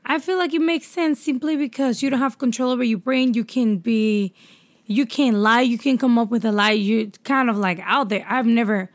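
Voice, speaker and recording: A woman co-hosting a casual TV review chat, chatty and quick with agreeing murmurs. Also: a little high, dry recording. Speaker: podcast co-host reviewing a TV episode.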